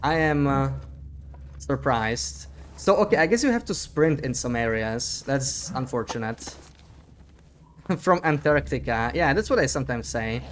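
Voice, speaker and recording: A man's voice: medium pitch, animated, a little slow, slight background noise. A young man chatting casually on a live stream while he plays, reading chat aloud and joking about himself. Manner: chatty, reads chat aloud, self-deprecating laughs.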